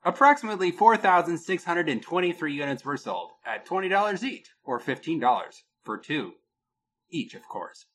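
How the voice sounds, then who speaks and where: A man co-hosting a casual podcast, telling a product story with a lot of pitch movement and laughing at his own jokes. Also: very animated, moderate pace, fairly bright tone, a little hiss or hum. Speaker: podcast co-host.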